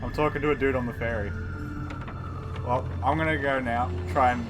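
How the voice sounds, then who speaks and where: A man's voice: mid-range voice, steady tone, fairly quick, over loud music. A man chatting casually while playing a game, laid-back, laughing often and calling out what happens. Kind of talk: casual gaming voice-chat banter.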